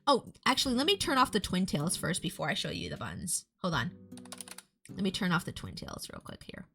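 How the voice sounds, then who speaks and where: A woman's voice: on the low side, very animated, fairly quick, creaky, pushed and bright, soft background music. A woman streaming live as a VTuber artist, chatting casually with viewers while she shows off a model. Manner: chatty, rambling, greets chat viewers.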